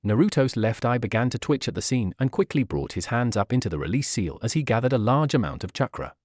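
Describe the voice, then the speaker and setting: A man narrating a fan fiction story in a steady storytelling manner. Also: medium pitch, fast talker, no echo, studio quality.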